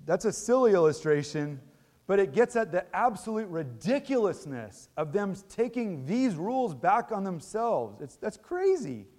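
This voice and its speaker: Brief: middle-aged man, slightly high voice, chatty sermon delivery with restarts. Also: very animated, normal speed, darkish tone. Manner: conversational teaching, frequent restarts and tag questions. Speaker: pastor.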